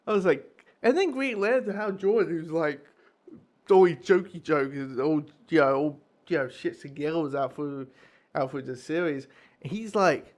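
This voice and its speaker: A man's voice: fairly high pitch, animated, moderate pace. A man giving a casual, rambling spoken review of a comic, with frequent restarts, swearing and laughing at himself.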